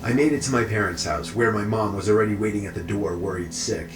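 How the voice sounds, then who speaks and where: A man reading a first-person horror story aloud in a steady, even way. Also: fairly low pitch, fast. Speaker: story narrator. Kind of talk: scripted horror story narration. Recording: echoey with faint music behind.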